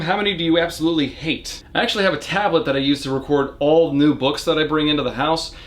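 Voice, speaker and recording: A young man with a fairly high voice reads out viewer questions one by one. He answers them in a relaxed, dry and wry way, like a reviewer chatting with his audience. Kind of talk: casual Q&A monologue.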